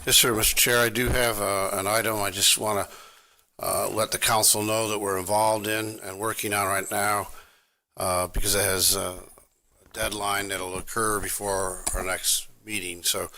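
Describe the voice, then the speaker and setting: A county manager briefs the council in a formal, measured way, often pausing with "uh". His voice is low-pitched yet bright and forceful. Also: level tone. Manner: measured, many "uh" pauses.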